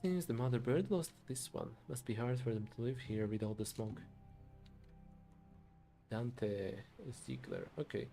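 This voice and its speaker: A man streaming a story game, softly thinking aloud to himself as he plays. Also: medium pitch, unhurried, creaky, faint music behind. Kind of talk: quiet game commentary.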